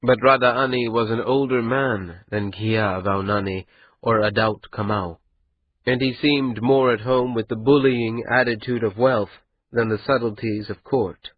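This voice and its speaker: Husky male narrator for a fantasy audiobook, mid pitch, muffled recording. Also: unhurried. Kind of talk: scripted narration.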